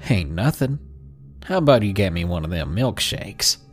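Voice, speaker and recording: A man's voice: sits low, sing-song, normal speed, faint music behind, voice pushed down. A man voicing a creepy older cowboy in his fifties with a heavy southern accent. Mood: leering.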